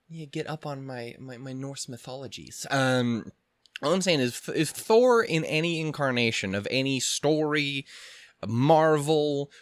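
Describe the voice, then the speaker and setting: A man's voice: on the high side, a bit bright, no room sound. A young man hosting an anime reaction channel, rambling casually with lots of swearing and self-mocking laughs. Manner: rambling, heavy swearing, self-deprecating, giggly. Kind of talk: casual chat.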